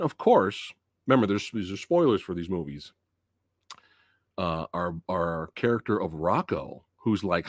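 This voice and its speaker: A man's voice: fairly low pitch, no echo, clean studio sound. A man hosting a live movie review stream, chatting loosely and laughing often as he talks. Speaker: movie review channel host.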